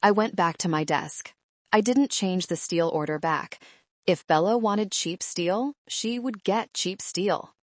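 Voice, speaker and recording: A woman reading a first-person story in a measured, calm narration. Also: mid-range voice, no echo.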